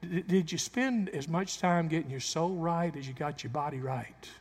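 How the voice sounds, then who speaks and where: A pastor preaching a sermon in a church, swinging into loud emphatic bursts and acting out the quotes he cites. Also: on the high side, moderate pace. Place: church sanctuary. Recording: long hall reverb.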